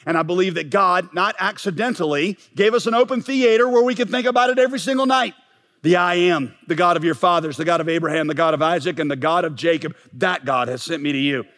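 Pastor preaching in an echoing hall. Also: male voice, fairly high pitch, quick pace, fairly bright tone. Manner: emphatic preaching, rising to bursts of force. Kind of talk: sermon. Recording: long reverb of a large hall.

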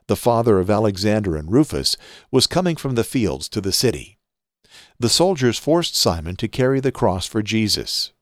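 A man hosting a daily podcast, reading scripture aloud in a measured, expressive way. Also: on the low side, no echo, clean studio sound. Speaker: podcast host. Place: home studio.

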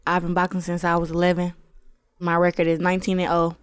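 A woman's voice: on the low side, completely flat delivery, fast talker, clean tone, no room sound. A teenage girl from Flint, Michigan, speaking casually and reflectively into a tape recorder for her personal audio diary. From Flint, Michigan, United States. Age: teens. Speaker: boxer keeping an audio diary. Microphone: handheld tape recorder.

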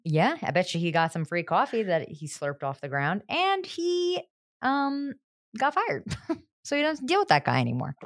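Woman, very expressive pitch, dry close sound, wry joking podcast chat. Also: moderate pace, no room sound. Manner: wry, joking, playful impressions. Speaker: podcast co-host. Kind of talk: casual chat recapping a TV episode.

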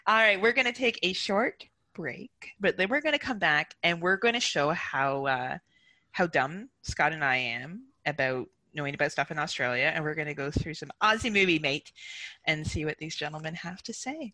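A woman co-hosting a podcast in casual, animated chat, swearing and laughing often. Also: deep voice, normal speed. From Canada. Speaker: co-host.

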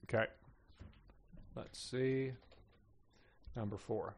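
A man's voice: medium pitch, steady tone, drawn-out words, a little mellow. Easygoing male podcast host running a quiz. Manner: laughs easily, reads passages aloud. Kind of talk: casual podcast quiz game.

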